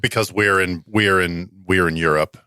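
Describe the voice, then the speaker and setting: Casting: very low-voiced man, dry close sound, wry joker at the table. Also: fairly even intonation, moderate pace, sharp tone, clean tone, no echo. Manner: wry, joking. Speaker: player. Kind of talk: casual chat.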